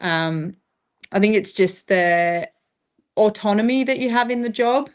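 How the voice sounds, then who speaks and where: A woman's voice: mid-range voice, measured pace, clear, resonant tone. An Australian woman in her thirties, a paramedic, talking reflectively in a casual interview and laughing often. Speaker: guest, paramedic.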